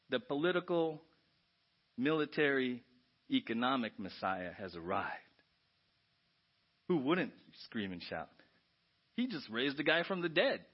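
Animated high-voiced preaching man. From United States. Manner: animated preaching, keeps asking the congregation "right?". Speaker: pastor. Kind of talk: sermon. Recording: dull lo-fi church audio.

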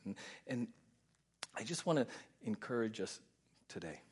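A man preaching a sermon as pastor, emphatic and repetitive, often dropping soft and low to stress a point. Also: sing-song, measured pace, breathy edge.

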